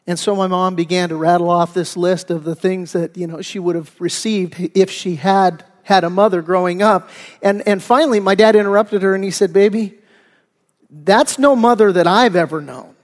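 A man's voice: high voice, little pitch movement, fairly quick, in a large hall. A middle-aged male pastor preaching a sermon in a church, talking conversationally, with frequent restarts and fillers. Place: church sanctuary.

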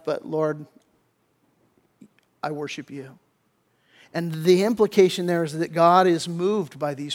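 High-voiced guy preaching, lots of stops and restarts, gets loud then drops real soft. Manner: emphatic preaching with many restarts, voicing biblical figures in quotes; drops to a hushed, soft voice in tender moments. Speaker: pastor. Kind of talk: sermon.

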